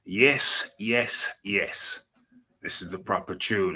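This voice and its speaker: Slow-talking northern English man hosting a livestream. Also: low voice, pushed and bright, slightly rough, poor audio. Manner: repeats phrases, talks to himself while fiddling with settings. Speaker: host of a boxing talk livestream. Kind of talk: casual livestream setup chatter.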